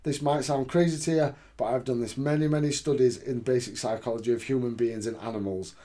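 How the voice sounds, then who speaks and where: A man's voice: medium pitch, steady tone, fairly quick, warm tone, natural voice. A man retelling a domineering older boss's stern lecture in his own voice. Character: domineering older male boss laying down the law.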